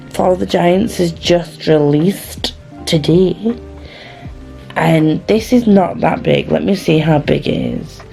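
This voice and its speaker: A woman's voice: on the low side, vocal fry, mellow. A woman book vlogger in casual chat, playful and rambling with chatty asides, hungry and a bit giddy. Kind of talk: casual reading vlog chat.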